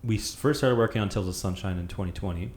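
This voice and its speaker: A man's voice: fairly low pitch, quick pace, a little mellow. A man hosting a podcast interview in an easygoing way, leading with questions about his friend's past. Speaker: podcast host. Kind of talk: casual interview. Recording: echoey room with faint noise.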